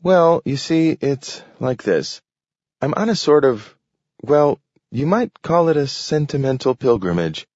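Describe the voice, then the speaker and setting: A man's voice: mid-range voice, sing-song, measured pace, darkish tone, dry recording, pitched above the performer's own voice. A polite young man of about thirty talks with courteous hesitation, his voice a bit above the reader's own, as a man puts him on for a storybook. The recording sounds dull and dry.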